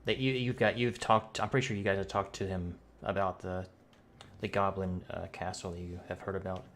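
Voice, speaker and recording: A man running a tabletop game as game master, talking in a halting way with many fillers and restarts, with a cough. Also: low voice, steady tone, fairly bright tone.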